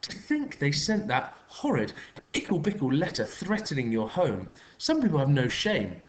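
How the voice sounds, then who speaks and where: A man's voice: on the high side, huge pitch swings, normal speed, voice pushed up. A man voicing a scheming middle-aged woman neighbour who talks in a sugary, trilling way full of pet names. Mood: gloating.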